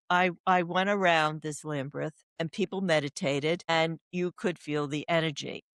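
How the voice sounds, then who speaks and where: A woman's voice: low-pitched, no room sound, studio quality. An older woman, an oncology doula, talking as a guest on a podcast. She wanders through stories and anecdotes in a casual, earnest way. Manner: rambling, anecdotal storyteller.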